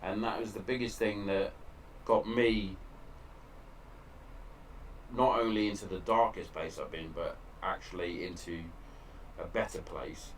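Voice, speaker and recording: A very deep-voiced man talks openly and emotionally as a podcast host. He swears freely in a relaxed chat. Faint background hiss sits under the recording made in a home shed. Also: unhurried. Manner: frank, emotional, heavy swearing. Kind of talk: candid casual chat.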